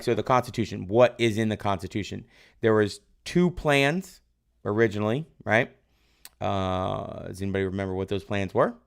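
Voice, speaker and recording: Male teacher, low gravelly voice, casual live review lesson, keeps quizzing the class and praising answers. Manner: quizzes viewers and praises their answers from chat; loose, rambling, tag questions like "right?". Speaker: history teacher.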